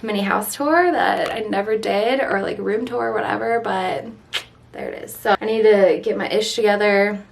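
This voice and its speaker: A woman's voice: medium pitch, normal speed, vocal fry. A young woman vlogging a casual house tour, chatty and giggly, out of breath after a workout as she walks from room to room inside a house, filmed on a handheld vlog camera. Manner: chatty, giggly, talks while walking room to room.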